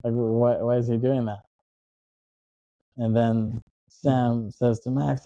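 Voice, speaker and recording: The audio is poor and has no room sound as this co-host, speaking in a warm but flat, medium-pitched voice, retells a movie during a casual podcast chat. His scene-by-scene recap wanders, punctuated by frequent laughter and lines tossed off in quick voices.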